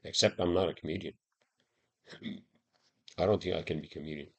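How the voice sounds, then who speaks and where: A man's voice: deep voice, steady tone, fairly quick, breathy edge. A man hosting a solo podcast, rambling and swearing heavily through a heated rant. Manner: rambling, profane, heated ranting. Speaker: podcast host.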